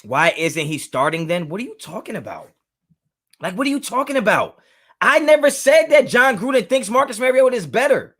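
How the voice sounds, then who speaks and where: A young man with a very high, sing-song voice hosts a live sports fan talk show, speaking briskly with a slightly bright tone. He argues heatedly with chat and keeps repeating himself to drive his point home.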